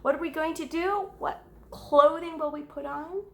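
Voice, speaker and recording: Reading a story to kids, this woman pauses to quiz her young audience and drops into gasps or whispers for dramatic effect. She speaks in a high-pitched, fairly bright tone.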